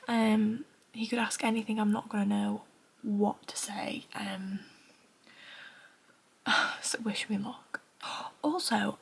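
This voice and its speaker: A young woman in her twenties with a Northern English accent, chatting casually in a tired, soft, half-whispered voice at home at night. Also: mid-range voice, flat delivery, slow pace, vocal fry, long pauses, breathy edge. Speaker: running vlogger. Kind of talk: casual vlog chat.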